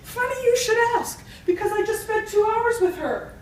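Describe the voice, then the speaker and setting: Lady putting on a deadpan old rabbi voice, accented, big echoey room. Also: extremely high pitch, moderate pace, a little hiss or hum, pitched above the performer's own voice. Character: dry, unflappable old male rabbi. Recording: echoey hall, distant mic.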